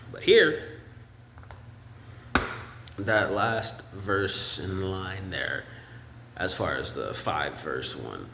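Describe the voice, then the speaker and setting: A man talks through the lyrics of a song in a loose, rambling way. His voice sits a little low and his pace is unhurried. The room around him rings with echo and a faint hiss. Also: expressive, gravelly. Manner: rambling, sings snippets of lyrics in falsetto. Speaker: music commentator. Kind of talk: casual song breakdown. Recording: echoey room with faint ambience.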